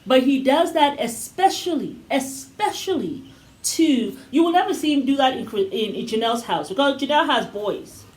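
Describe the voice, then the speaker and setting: A woman co-hosting a casual review chat, talkative and opinionated, quick to act out scenes she describes. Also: high voice, expressive, poor audio. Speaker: co-host of a TV review channel.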